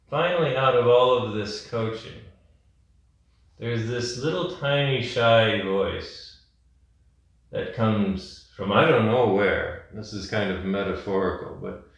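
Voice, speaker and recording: Male yoga instructor, calm gentle cues, storytelling, somewhat low voice, big echo, mic far away. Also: slow, gravelly, pauses often. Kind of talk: guided yin yoga class with storytelling. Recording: echoey room, distant mic.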